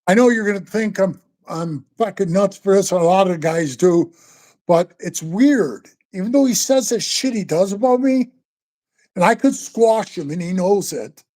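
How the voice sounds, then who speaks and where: Older man, dark mellow tone, loose profane storytelling, calls everyone bro. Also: high voice, lively intonation, moderate pace. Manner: rambling, profane, keeps calling the listener bro. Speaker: interview guest, former biker club member. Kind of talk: casual storytelling interview.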